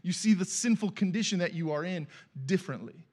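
A middle-aged man preaching as a guest speaker in a church, telling stories in a conversational, animated way. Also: high-pitched, a little fast. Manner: conversational, animated storytelling with acted quotes. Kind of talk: sermon with storytelling. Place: church sanctuary.

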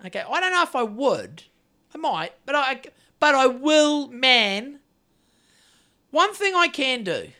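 A man's voice: extremely high pitch, sing-song, takes it slowly, long pauses, pushed and bright. A man, co-hosting a podcast on a phone live stream, rambling and swearing as he chats. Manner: rambling, swearing, self-interrupting. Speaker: podcast co-host. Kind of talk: casual chat on a live stream.

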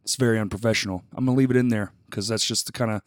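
A man hosting a podcast, reading a casual sponsor plug and introducing his guest with loose, profane, self-mocking banter while clearing his throat now and then. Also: on the low side, fairly even intonation, racing, dry recording, clean studio sound. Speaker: podcast host.

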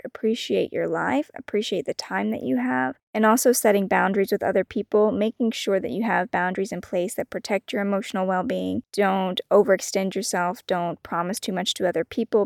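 Gentle woman with a gravelly edge. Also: medium pitch, no room sound, studio quality. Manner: gentle, encouraging, laughs often. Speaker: podcast host. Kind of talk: solo wellness podcast talk.

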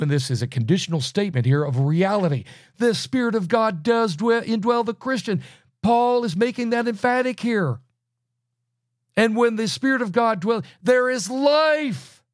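A man teaching through a Bible book verse by verse, emphatic, with loud bursts and low asides. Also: dry recording, clean studio sound.

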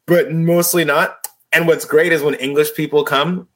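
A man's voice: a little high, steady tone, moderate pace. An American man chatting as a podcast guest, telling loose stories and playing with accents. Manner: chatty storyteller, slips into mimicked accents. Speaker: podcast guest, band musician. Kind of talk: casual podcast chat.

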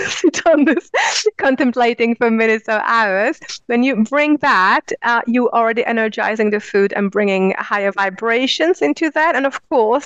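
A woman with a fairly high, smooth voice speaks with earnest enthusiasm, her words flowing freely as an interview guest who teaches spiritual practice. The sound is dry and slightly dull. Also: fairly bright tone, dry recording. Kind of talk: conversational interview answers.

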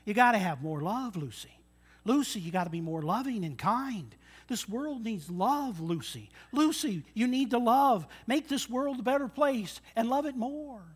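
A man voicing a gentle cartoon boy who pleads softly, in a voice close to his own. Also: very high voice, expressive, moderate pace, slightly rough, heavily acted. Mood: pleading.

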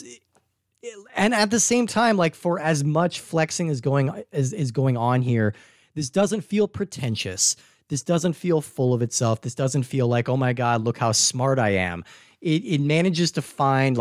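A podcast co-host discusses a movie casually, rambling with lots of fillers, especially "like," and often restarting his thoughts in an animated way. He speaks unhurriedly in a voice on the high side, captured in a dry, clean studio recording.

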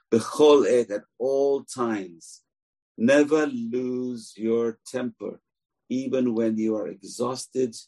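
A man giving a sermon, earnest and emphatic, slowing down to stress key lines. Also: fairly low pitch, vocal fry, mellow, slightly rough. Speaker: rabbi.

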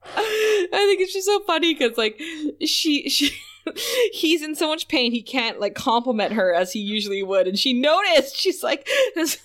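A woman's voice: high voice, sing-song, a little slow, a bit bright. A woman co-hosting a casual podcast, walking through an episode scene by scene. She laughs easily and throws herself into quoting characters with exaggerated voices. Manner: laughing often, acting out lines in playful voices. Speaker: podcast co-host. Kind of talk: casual chat recapping a TV episode.

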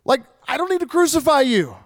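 A man's voice: very high-pitched, big pitch swings, fairly quick, pitched above the performer's own voice, exaggerated voice. A man voicing a desperate adult Roman governor who pleads urgently. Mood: pleading.

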